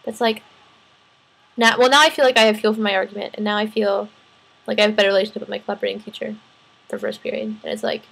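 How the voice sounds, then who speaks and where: A young woman in her twenties, a student teacher, talking through her week in a rambling, animated vlog, sounding tired. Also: medium pitch, fast, vocal fry, pauses often, breathy edge, poor audio. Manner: rambling, animated, restarts and laughs often. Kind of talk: casual personal vlog venting.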